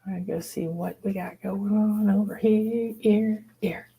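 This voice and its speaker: Animated woman leading a spiritual workshop. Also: mid-range voice, unhurried, gravelly, slightly rough. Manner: enthusiastic, expressive, acts out voices in quotes. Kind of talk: spiritual teaching, casual and animated.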